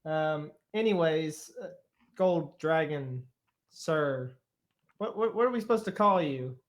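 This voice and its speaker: A man's voice: fairly high pitch, animated, slow. A man voicing a cautious male spellcaster who speaks hesitantly and politely. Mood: wary, polite.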